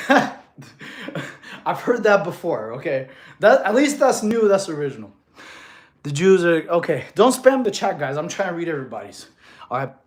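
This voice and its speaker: A man's voice: on the high side, very animated, a little slow, long pauses. A man coaching fitness on a casual livestream, laughing often and answering chat questions, filmed on a tripod camera.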